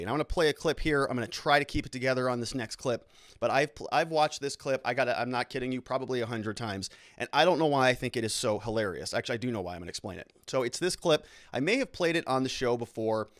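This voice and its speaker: A man hosting a legal commentary show, chatty and amused, talking straight to his viewers. His pitch sits in the middle, and the recording is close and dry, with no room sound at all. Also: expressive, quick pace, fairly bright tone, dry recording. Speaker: lawyer and show host.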